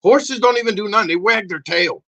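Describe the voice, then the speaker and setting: A man voicing a crude, brash male dog who rants and shouts in a comedy podcast bit. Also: high-pitched, brisk, creaky, heavily acted. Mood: mocking.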